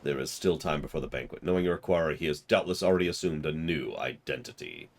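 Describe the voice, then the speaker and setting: Man doing a grandiose game gentleman-sleuth voice, formal and showy, low but lively delivery. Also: fast talker, full character voice. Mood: commanding. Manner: florid, formal declaiming. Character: pompous gentleman inspector, grandiose and theatrical.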